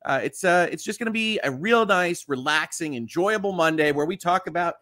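A man's voice: a little high, a little fast, bright, forceful tone, no echo, clean studio sound. Chatty man hosting a live stream. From Southeast Michigan. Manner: chatty, reads comments aloud, frequent fillers. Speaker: lawyer and live stream host. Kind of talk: casual live stream chat, reading viewer comments.

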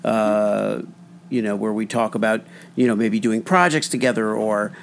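A man hosting a podcast, chatting casually in a halting way with frequent restarts. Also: lowish voice, creaky, a little hiss or hum. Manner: halting, many restarts and fillers. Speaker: podcast host. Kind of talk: casual interview chat.

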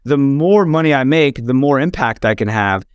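A man's voice: mid-range voice, expressive, normal speed, clean tone, no room sound. A man telling an emotional personal story as a podcast guest, earnest, with frequent restarts.

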